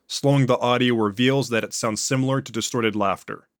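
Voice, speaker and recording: A man giving scripted horror narration in a plain, even delivery. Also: mid-range voice, brisk, no echo, studio quality.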